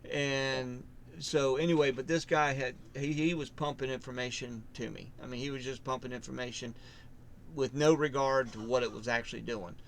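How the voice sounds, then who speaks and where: A man's voice: medium pitch, steady tone, normal speed, creaky, a little hiss or hum. Rambling man telling a faith story. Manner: rambling, self-interrupting storyteller who acts out quotes loudly. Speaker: podcast co-host. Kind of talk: casual faith discussion.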